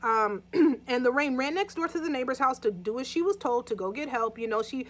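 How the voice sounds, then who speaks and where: A woman's voice: sits high, animated, brisk, a bit bright. A woman casually retelling a true crime story for her viewers in a chatty way, often asking them "right?" and "okay?" and acting out scenes from it.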